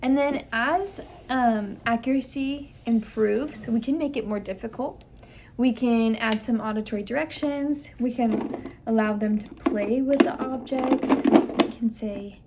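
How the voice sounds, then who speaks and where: A young woman speech therapist, her voice on the high side and a little slow, walks parents through a listening game one step at a time. She models exaggerated emphasis on key words in this instructional demonstration. The recording is very noisy.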